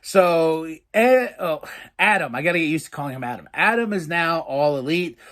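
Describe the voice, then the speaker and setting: A man hosting a podcast, casually reviewing wrestling matches in an excitable, profane way, acting out his own reactions. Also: on the high side, moderate pace. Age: adult with a daughter. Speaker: podcast host.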